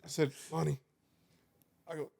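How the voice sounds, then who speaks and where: A young man with a high voice tells a story on a casual podcast. He is animated and laughs through his lines. He swears freely and keeps checking in with "right?". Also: moderate pace, creaky. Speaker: podcast co-host.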